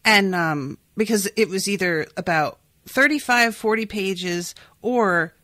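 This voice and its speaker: A woman's voice: mid-range voice, measured pace, pushed and bright, dry recording. A sniffly young woman hosting a podcast, chatting casually about a book and often saying "like" and "um". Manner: chatty, full of "like" and "um". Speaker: podcast host.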